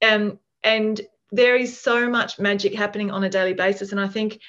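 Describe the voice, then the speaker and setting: A woman of middling pitch talks thoughtfully in casual conversation, circling her ideas with fillers and restarts. The recording sounds dull and lo-fi. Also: flat delivery, moderate pace, fairly bright tone. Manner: musing, many fillers and restarts. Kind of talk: reflective casual chat.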